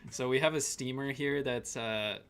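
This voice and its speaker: A man's voice: medium pitch, moderate pace, fairly bright tone, slight background noise. A man co-hosting a casual live stream, chatting loosely and reading out viewers' greetings.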